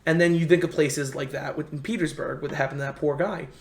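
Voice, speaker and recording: A man in casual conversation telling history stories in a halting way, full of restarts. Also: fairly high pitch, fairly even intonation. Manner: rambling, halting history storyteller with many restarts. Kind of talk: casual storytelling chat. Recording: echoey room.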